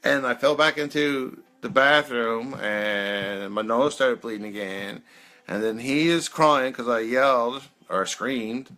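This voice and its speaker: With a medium-pitched voice that sounds pushed and bright, this man in his thirties speaks slowly as he hosts a peer support chat on live video. He wanders through personal anecdotes, laughing often and dropping "man" constantly.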